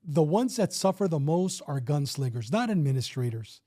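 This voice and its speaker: Guy in his 50s telling cop stories, acts out the dialogue, swears a bit, warm voice on the high side. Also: moderate pace. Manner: animated storyteller acting out dialogue, swearing. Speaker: retired police officer guest. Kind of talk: storytelling in casual interview.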